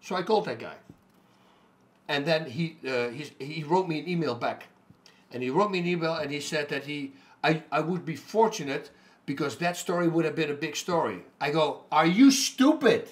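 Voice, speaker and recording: A middle-aged man, a fighter, telling a personal story in an animated way that turns loud and emphatic. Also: on the high side, moderate pace. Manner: animated, gets loud and emphatic when indignant.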